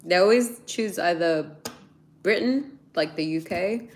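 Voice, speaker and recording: Low-voiced Australian woman chatting live. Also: a little slow. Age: 30s. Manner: chatty, laughs often, reads out comments. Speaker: YouTuber. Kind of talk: casual live chat answering viewers.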